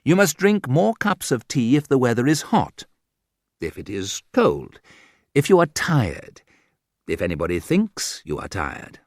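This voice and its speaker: A man reading a humorous book aloud in a dry, wry manner, with sudden lifts in pitch. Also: dry recording. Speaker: audiobook narrator. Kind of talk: scripted humorous narration.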